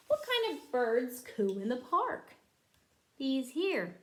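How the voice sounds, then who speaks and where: A woman's voice: high voice, very animated, slow. A young woman reading a picture book aloud to young children as a teacher, in a sing-song way, stopping to explain words and make bird calls.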